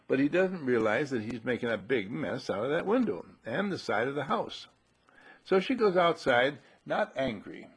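Husky-voiced man giving a spiritual talk. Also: mid-range voice. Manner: repetitive, rhetorical questions. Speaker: spiritual speaker.

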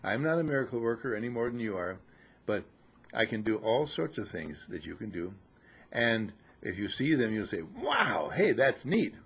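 Male spiritual teacher, gravelly husky voice, lively pitch, teasing and scolding, sermon to disciples. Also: normal speed. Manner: teasing, scolding, mocking laughter.

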